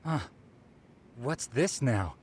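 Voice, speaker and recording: A man's voice: medium pitch, lively intonation, drawn-out words, slight background noise. An actor voicing an adult male investigator in a video game, relaying news in a curious, matter-of-fact way.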